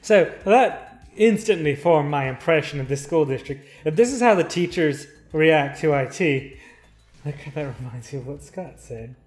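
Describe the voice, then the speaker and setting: A man's voice: fairly high pitch, expressive, normal speed, roomy sound, faint music behind. A young man chatting casually on a livestream, laughing often and agreeing with repeated yeahs. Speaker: streamer, school IT worker.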